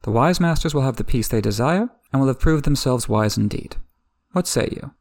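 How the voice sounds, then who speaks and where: A man reading the lines of a cool, proud young female queen in a calm, imperious way. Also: mid-range voice, fairly quick, no room sound, natural voice. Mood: commanding.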